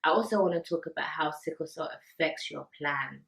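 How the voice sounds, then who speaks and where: A young woman from the UK talking earnestly and emotionally to camera, pausing often and repeating words. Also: sits low, gravelly, fairly bright tone, rough recording. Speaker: vlogger. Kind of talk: personal talk to camera.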